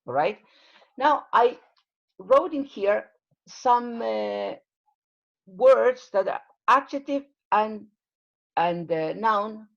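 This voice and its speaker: A woman's voice: medium pitch, vocal fry, lo-fi sound. A woman teaching an English class over a video call, explaining patiently with plenty of fillers.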